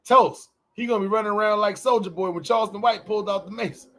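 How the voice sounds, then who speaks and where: A man with a high, bright voice co-hosts a casual morning podcast. He rants in a loose, profane way and swoops his pitch up and down when he mimics people. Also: fast. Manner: animated, profane, swings pitch wildly acting out quotes. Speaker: podcast co-host. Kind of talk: casual morning show banter.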